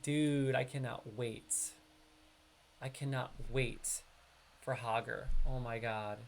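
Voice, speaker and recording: Male streamer, New York accent, mid-pitched voice, chatty live gameplay commentary aimed at viewers. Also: fairly even intonation, takes it slowly, creaky, slight background noise. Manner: chatty, talks straight to his viewers.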